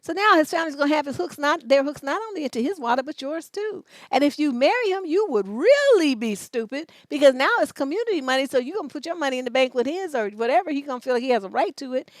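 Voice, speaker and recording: A woman's voice: high voice, expressive, fast talker, few pauses, dry recording. A woman relationship coach on a livestream advice show, reading out letters and answering in a blunt, profane, scolding way.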